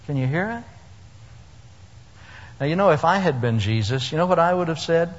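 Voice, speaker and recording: Animated preacher in a dull, echoing hall. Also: male voice, fairly high pitch, normal speed, pauses often. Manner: animated storytelling, acting out voices with humor. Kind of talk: sermon.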